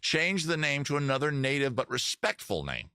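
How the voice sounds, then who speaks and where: The host, a man from Maryland, USA, rambles through a casual live stream, joking with viewer chat and correcting himself partway through sentences. His medium-pitched voice swoops wildly, pushed and bright at a normal speed. The tone is clean, with no room sound and a clean studio quality.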